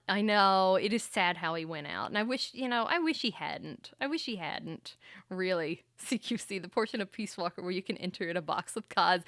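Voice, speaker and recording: A woman streamer chats casually to her viewers, rambling from one thought to the next and laughing often. Her voice sits at an ordinary middle pitch. The sound is close and dry, with no room echo. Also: fairly bright tone. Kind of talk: casual livestream chat.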